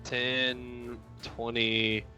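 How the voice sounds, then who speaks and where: A man's voice: medium pitch, flat delivery, extremely slow, loud music behind the voice. A man playing a tabletop game, laid-back and hesitant, often laughing. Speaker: player. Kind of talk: casual tabletop game play.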